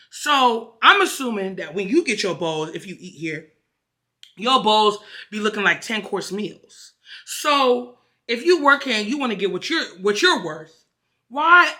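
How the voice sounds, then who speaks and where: A woman vlogger telling a story in an animated, profane, emphatic rant. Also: medium pitch. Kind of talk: casual ranting vlog.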